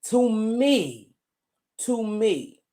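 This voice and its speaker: A woman vlogger giving casual, blunt commentary, animated and repeating points for emphasis. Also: fairly high pitch, drawn-out words. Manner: blunt, informal.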